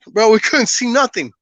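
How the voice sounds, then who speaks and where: Bright-voiced man telling a story. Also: very high voice, no echo, rough recording. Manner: animated, laughs often, acts out dialogue. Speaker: guest telling a personal story. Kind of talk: casual storytelling on a podcast.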